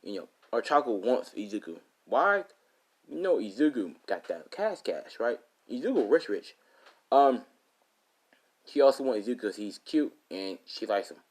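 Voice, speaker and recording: A man's voice: mid-range voice, sing-song, normal speed. A man improvising a fan story narration, rambling with many fillers and asides.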